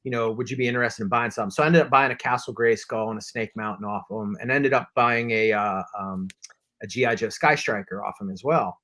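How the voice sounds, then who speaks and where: A man's voice: lowish voice, a little fast, sharp tone. Man rambling through a long anecdote. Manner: rambling anecdote with acted-out quotes, many fillers. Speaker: co-host of a collecting live stream. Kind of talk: casual chat, storytelling.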